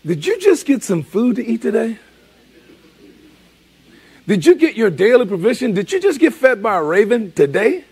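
A man voicing God asking gentle pointed questions. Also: very high-pitched, very animated, normal speed, pauses often, slightly rough, pitched above the performer's own voice, full character voice. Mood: questioning. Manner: rhetorical, gently reproving questions.

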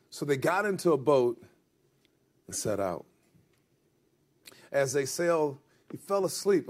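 A man preaching a sermon as a pastor, reading scripture and then acting out the disciples' voices with lively energy. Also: a little high. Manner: animated, acts out the disciples' voices.

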